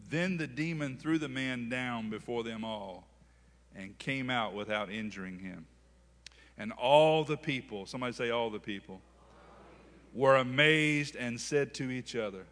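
A man's voice: medium pitch, normal speed, a bit bright, long reverb tail. A man preaching a sermon with call-and-response, speaking. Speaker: pastor.

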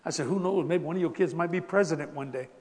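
A man preaching a sermon as a story, animated, swinging from soft asides to loud bursts. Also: a little high, fast talker. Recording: long hall reverb.

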